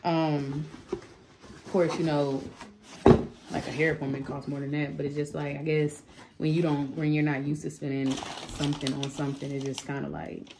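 In a home office, a woman vlogger chats casually with her viewers, calling them y'all and filling her talk with fillers and asides. Her voice is deep with vocal fry, fairly even in intonation and normal in speed, and heavy background noise runs underneath.

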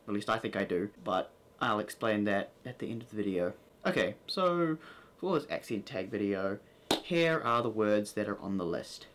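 Young man, kiwi accent, playful casual vlogger, mid pitch. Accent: New Zealand. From New Zealand. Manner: playful, reads word list with drawn-out words. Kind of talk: casual accent tag video.

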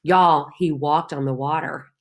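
A woman's voice: low voice, fairly even intonation, unhurried. A woman leading a Bible study, reading scripture aloud and speaking to listeners in an earnest, heartfelt way. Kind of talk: devotional Bible teaching.

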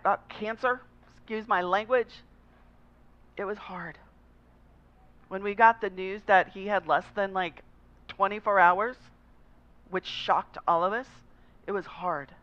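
A woman pastor preaches by telling personal stories in a relaxed, conversational way. Her voice sits at a middle pitch. The recording is slightly dull and lo-fi. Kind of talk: sermon.

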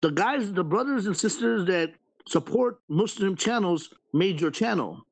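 A man's voice: sits high, expressive, measured pace, vocal fry, low-quality recording. A man hosting a live stream panel, venting at length in casual chat and filling his talk with "you know" and "bro".

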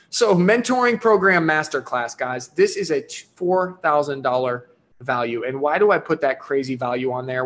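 A man hosting a livestream sales pitch for his online course. He talks enthusiastically and pushily, often tagging "right?" and "here's the deal.". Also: fairly bright tone.

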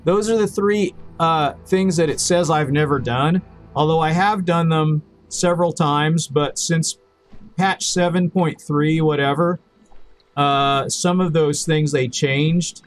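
A man's voice: fairly high pitch, steady tone, slow, soft background music. Rambling male game streamer. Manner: rambling, repeats words and restarts often. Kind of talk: casual live-stream chat while gaming.

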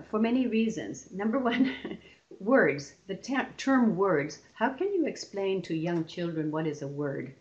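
A woman's voice: fairly low pitch, darkish tone, highs cut off. A woman presenting an online teacher-training session, explaining classroom methods step by step and often restarting her phrases.

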